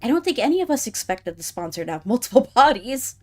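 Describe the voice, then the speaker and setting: A woman voicing a nervous young man who protests his innocence in a high, flustered voice. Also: sing-song, quick pace, a little mellow, soft background music.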